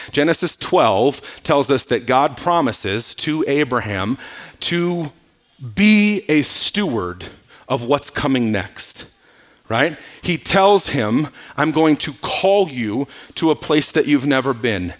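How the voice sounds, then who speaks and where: Animated, lively-voiced preacher man. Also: medium pitch. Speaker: pastor. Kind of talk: sermon.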